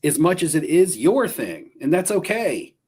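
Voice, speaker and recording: Man, fairly high voice, teasing banter, laughs easily, casual card-show chat. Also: big pitch swings, unhurried, a crowd in the background. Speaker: co-host of a trading card stream.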